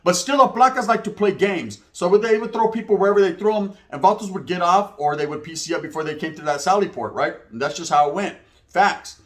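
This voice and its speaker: A man telling prison stories in a casual, animated, slang-heavy way. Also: high-pitched. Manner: slangy, animated, rapid-fire. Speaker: storyteller recounting prison life. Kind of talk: casual storytelling.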